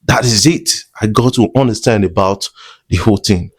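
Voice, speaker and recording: A man's voice: fairly low pitch, normal speed, husky. A man with a Nigerian Pidgin accent giving chatty commentary to his viewers, mixing Pidgin with English. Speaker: entertainment blogger. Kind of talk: commentary vlog.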